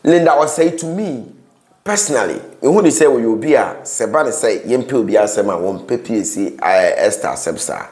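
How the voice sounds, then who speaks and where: A man's voice: mid-range voice, expressive, moderate pace, a little mellow. A Ghanaian man hosting a gossip news commentary, with pleading, preachy asides to his viewers. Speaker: host. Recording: roomy echo.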